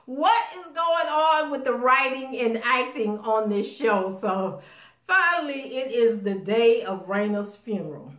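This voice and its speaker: A woman giving a casual spoken recap of a TV episode, animated as she acts out the characters' lines. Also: fairly high pitch, unhurried. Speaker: TV show recapper. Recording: roomy echo.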